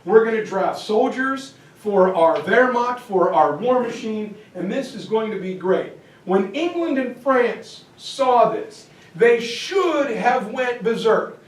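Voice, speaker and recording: Guy teaching history like a story, high voice, does little voices, kinda far from the mic. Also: expressive. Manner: acts out quick quoted voices, joking asides. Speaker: history lecturer. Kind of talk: animated storytelling lecture. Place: classroom or lecture hall. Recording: echoey room, mic far off, faint ambience.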